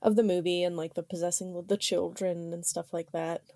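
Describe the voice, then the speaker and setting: A woman co-hosting a podcast, talking in a relaxed, shrugging way. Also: lowish voice, a little fast, no echo, studio quality. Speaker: podcast co-host. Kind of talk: casual chat.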